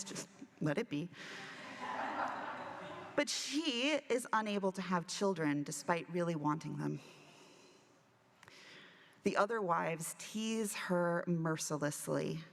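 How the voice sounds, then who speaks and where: A woman minister giving a sermon, telling a story in a relaxed, conversational way with touches of humor. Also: lowish voice, vocal fry. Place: church sanctuary. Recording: church hall with long reverb.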